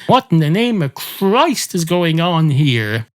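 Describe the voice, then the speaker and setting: A man's voice: a little high, big pitch swings, slow, no room sound, clean studio sound, voice pushed up. A man voicing a baffled male cat in a restaurant, speaking in exasperated outbursts, in a comedy podcast sketch.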